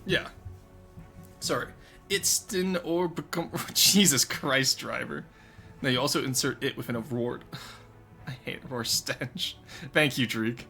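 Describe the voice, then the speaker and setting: A live streamer chatting casually with chat, excitable, swearing freely and breaking into loud laughing fits. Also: medium pitch, takes it slowly, vocal fry, long pauses, soft background music.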